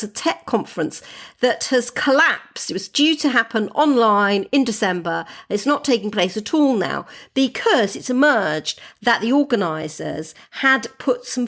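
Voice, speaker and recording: A woman technology journalist, a podcast guest, talking in a measured, wry way. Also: fairly high pitch, fairly bright tone. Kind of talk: casual podcast chat.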